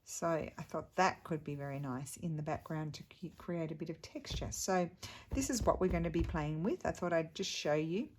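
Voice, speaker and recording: A middle-aged woman hosts a relaxed craft tutorial, her voice sitting a little on the low side. She chats loosely, trailing off and picking her thoughts back up as she shows her materials. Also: normal speed, slight background noise. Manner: chatty, rambling, trails off and restarts. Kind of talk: casual craft demonstration.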